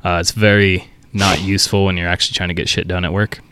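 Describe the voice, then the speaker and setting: A man's voice: sits low, flat delivery, fast talker, pushed and bright, a little hiss or hum. A man, a trucker guest on a podcast, telling crude work stories casually and laughing often. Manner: profane storyteller, laughs often. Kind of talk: casual chat.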